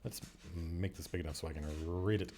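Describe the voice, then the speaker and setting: Deep-voiced man rambling on a livestream. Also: brisk, background noise. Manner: rambling, thinking aloud; answers viewer questions and talks to his cat. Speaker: game master hosting a livestream. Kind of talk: casual livestream chat.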